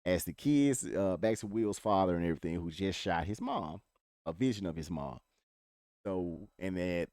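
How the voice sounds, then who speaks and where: A man recaps a show in a relaxed, slangy, profanity-laced ramble. His voice sits on the low side and sounds close and dry, with no room echo. He talks like he's catching up friends on what happened. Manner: slangy, laid-back. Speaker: TV show reviewer. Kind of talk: casual spoiler recap.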